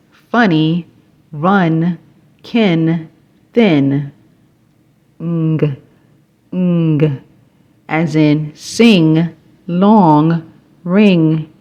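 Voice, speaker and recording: A woman teaching phonics, reading sounds and example words one at a time with long pauses between them. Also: deep voice, darkish tone, lo-fi sound. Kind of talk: slow, paced phonics instruction.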